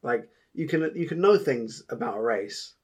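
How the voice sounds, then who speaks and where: A man's voice: medium pitch, animated, normal speed, slightly rough. A young man co-hosting a podcast, joking bluntly and crudely and acting out the lines he quotes. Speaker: podcast co-host. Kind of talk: casual podcast banter.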